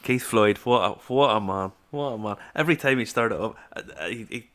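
A man's voice: fairly low pitch, a little fast, fairly bright tone. A man hosting a casual chat who pairs whiskeys with food and talks through his reasoning with enthusiasm. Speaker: whiskey show host.

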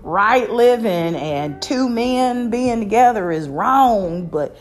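A woman's voice: fairly high pitch, lively intonation, slow pace. A woman doing an impression of a preachy male Southern politician. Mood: mocking.

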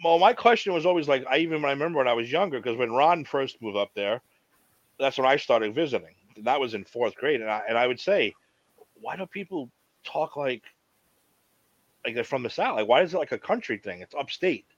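A man's voice: mid-range voice, lively intonation, a little fast, no echo. Foul-mouthed New man, lo-fi dry sound. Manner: blunt, heavy cursing, storytelling. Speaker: podcast co-host. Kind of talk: casual chat.

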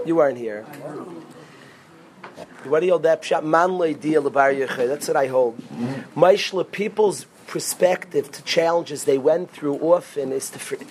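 High-voiced, animated rabbi teaching. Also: male voice, slight background noise. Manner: animated, rising to near-shouts when excited; sprinkles Hebrew and Yiddish terms. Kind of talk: informal Torah class.

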